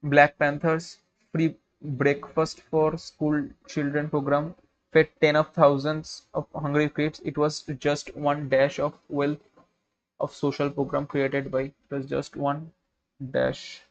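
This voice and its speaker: A man, an exam prep tutor reading test questions aloud and working through them, halting and repeating words as he thinks. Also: fairly high pitch, completely flat delivery. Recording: dull lo-fi livestream audio.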